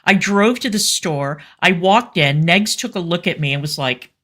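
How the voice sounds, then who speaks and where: A woman's voice: fairly low pitch, lively intonation, moderate pace, fairly bright tone. A woman co-hosting a commentary show, talking candidly and effusively in a casual chat, with fillers and restarts. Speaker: show co-host.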